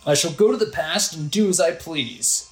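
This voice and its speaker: A game player reading out the lines of a sly female sorceress villain from a video game, slow and menacing. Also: mid-range voice, roomy sound, faint music behind, pitched above the performer's own voice, close to an everyday voice. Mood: gloating.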